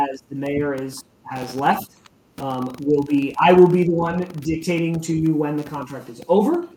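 A brisk, officious town mayor, voiced by a game master reads out the terms in a formal, businesslike tone. The voice sits at a middling pitch, recorded in a roomy space with a faint hiss behind it. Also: darkish tone, close to an everyday voice.

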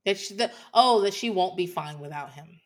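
Animated laughing woman in casual chat. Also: lowish voice, moderate pace. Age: late 20s or older. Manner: animated, laughs often, acts out quotes. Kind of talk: casual chat recapping a TV show.

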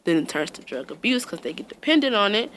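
A young woman, telling funny stories in a loose, profane, animated way and laughing often. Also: mid-range voice, fast, a little hiss or hum. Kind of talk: casual storytelling chat.

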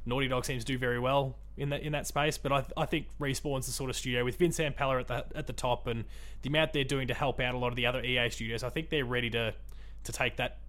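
A man chatting casually as a podcast host, voice sitting at an ordinary middle pitch. He rambles and restarts his sentences often, in a relaxed gaming-chat way. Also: quick pace.

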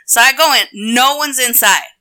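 A woman with a very bright, crisp, clean voice, ranting her way through an everyday story in a loose, profane, animated style. She talks casually, like a co-host chatting on a podcast. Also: sits high, moderate pace.

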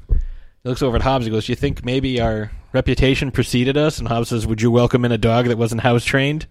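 A man's voice: medium pitch, moderate pace, no echo, studio quality. A man talking casually and animatedly, retelling comic strips and briefly acting out the characters' voices. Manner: animated storytelling, acts out the characters' lines.

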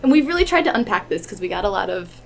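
Woman, middle pitch, casual storytelling, acts out her own lines. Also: very animated, fast, gravelly, a little hiss or hum. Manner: giggly storyteller, quotes herself. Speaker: podcast guest, filmmaker. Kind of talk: casual chat.

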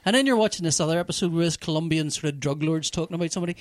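A man telling a TV plot in casual chat, animated and profane, full of restarts. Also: a little high, very fast, dry recording. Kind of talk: casual chat, recapping a TV show.

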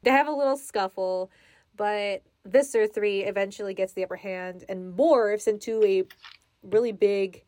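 A woman's voice: mid-range voice, moderate pace, darkish tone, no room sound. Chatty woman with a dry close sound. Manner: laughs often, reads passages aloud with commentary. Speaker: podcast co-host reading a book aloud. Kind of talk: casual chat, book discussion.

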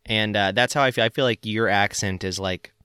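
A man's voice: on the low side, a little fast, bright, forceful tone, clean tone, no echo, clean studio sound. A man from northern Florida with a Southern accent, hosting a podcast in casual, joking chat full of fillers. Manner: rambling, joking, many fillers. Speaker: podcast host.

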